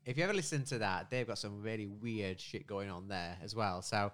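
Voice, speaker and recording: Fast-talking British man hosting a podcast. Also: lowish voice, a bit bright. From United Kingdom. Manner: chatty, swearing, quick and giggly. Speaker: podcast co-host. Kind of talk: casual podcast banter. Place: home.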